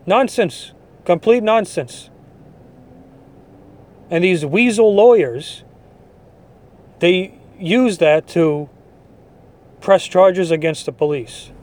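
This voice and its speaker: Blunt ranting man, slightly high voice. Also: slow, long pauses, darkish tone. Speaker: podcast host. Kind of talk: opinion monologue.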